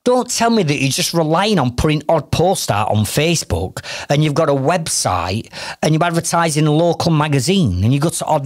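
Man, business coach, blunt and rhetorical, animated slightly high voice, dry close sound. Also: no echo. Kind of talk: motivational podcast talk.

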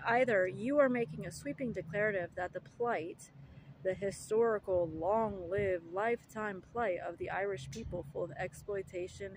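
A woman's voice: mid-range voice, a little hiss or hum, rough recording. A woman delivering an indignant, argumentative monologue, full of rhetorical questions, fillers and restarts. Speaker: vlogger.

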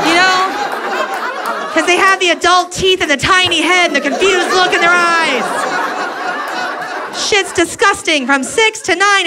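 A woman performing a brash, exasperated stand-up comedy set on a club stage. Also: high voice. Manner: brash, exasperated, loud outbursts. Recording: live club recording with audience laughter. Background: crowd laughing.

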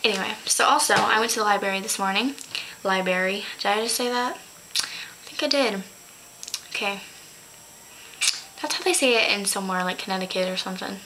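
A woman's voice: medium pitch, brisk, long pauses, noisy background. A teenage girl vlogging casually to her webcam, chatty and giggly, often stopping to correct her own slips. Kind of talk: casual chat to camera.

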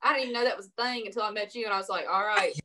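A young woman from Louisiana with a strong Southern accent, chatting as a guest on a radio interview. She talks in a slow drawl and stretches her words with extra syllables. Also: a little high, steady tone, bright, forceful tone, slight background noise. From Louisiana, USA. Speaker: country singer guest. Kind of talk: casual radio interview chat.

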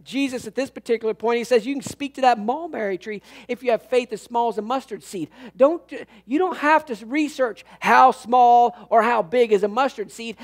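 A man preaching a sermon as pastor, animated and folksy, swinging from loud bursts to hushed tones and telling humorous stories. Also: extremely high pitch, moderate pace, few pauses.

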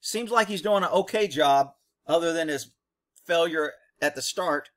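A man's voice: on the high side, moderate pace, a bit bright. A man, a former police officer, giving blunt, profane commentary on a video and telling his own cop stories.

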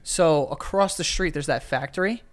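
A man's voice: on the high side, normal speed, fairly bright tone. Laid-back man from New York, chatting. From Astoria, Queens, New York. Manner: laid-back, profane, dry. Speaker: podcast co-host. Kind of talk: casual chat. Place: indoor podcast studio.

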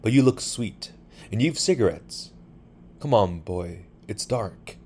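A man's voice: fairly low pitch, lively intonation, slow, a little mellow, slight background noise. A man putting on a teasing young woman. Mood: coaxing. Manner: coaxing and teasing.

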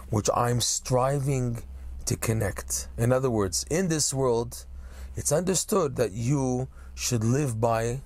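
Man giving a slow, searching religious lesson. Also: medium pitch, a little mellow. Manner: explanatory, stretches key words slowly, asks "okay?" and "right?". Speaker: rabbi teaching Torah lesson. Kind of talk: religious teaching talk.

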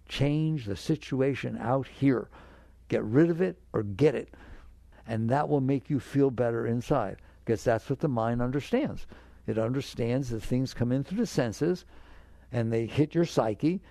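Man, spiritual teacher, emphatic, direct, rhetorical questions, gravelly voice, dry sound. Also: medium pitch, mellow, dry recording. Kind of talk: spiritual talk to an audience.

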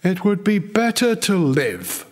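A man voicing a stern army major who speaks calmly and persuasively, in a slow, lively reading with a long reverb behind it. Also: high voice, voice pushed up, exaggerated voice. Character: stern middle-aged male army major.

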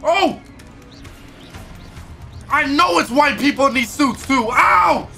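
A man streaming a video game, joking loudly, swearing and shouting his reactions. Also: very high-pitched, takes it slowly, faint music behind. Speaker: gaming streamer. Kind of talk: comedic live game commentary.

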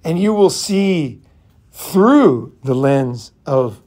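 A man's voice: a little high, lively intonation, extremely slow, darkish tone. A middle-aged man telling stories in a rambling casual monologue, full of fillers and swearing. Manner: rambling storytelling with frequent profanity and fillers. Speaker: podcast host.

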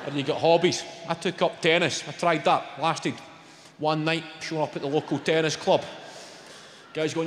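Brash sweary Scottish comedian on stage. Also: male voice, a little high, fairly even intonation, normal speed, a little hiss or hum. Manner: brash, sweary, mocking crowd work. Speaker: stand-up comedian. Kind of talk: stand-up comedy. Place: large comedy venue, on stage. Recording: live hall, roomy and reverberant. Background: audience laughter.

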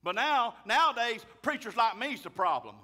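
A man, a pastor preaching a fiery sermon loudly and emphatically. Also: very high-pitched, sing-song, normal speed. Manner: loud, emphatic, raises his voice.

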